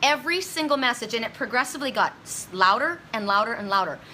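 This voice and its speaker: A woman's voice: on the high side, lively intonation, fast talker, bright, forceful tone, slight background noise. A woman psychic medium talking to her viewers in an intense, rambling monologue, with many restarts and dramatic retelling. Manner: dramatic retelling with voiced quotes.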